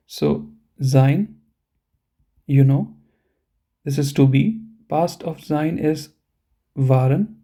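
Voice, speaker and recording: Warm and mid-range, this man's voice belongs to a German teacher running a live online lesson. Example words are spoken slowly and with care, and he walks learners through each step while frequently checking in on them.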